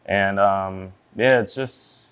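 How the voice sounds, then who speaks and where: A man in his early twenties, a plaintiff speaking hesitantly in court with many fillers and a quiet voice. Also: deep voice, takes it slowly, smooth. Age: 20s.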